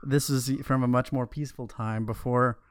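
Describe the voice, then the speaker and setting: Smooth-voiced man reading and recapping. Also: medium pitch, fairly even intonation, normal speed, no room sound, studio quality. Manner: paraphrases and reads passages from the book. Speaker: podcast co-host. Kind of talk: casual book discussion.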